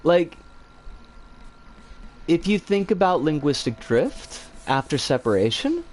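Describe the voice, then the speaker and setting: A man streaming and chatting casually, answering viewer comments in a rambling, animated way with some swearing. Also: fairly high pitch, slow.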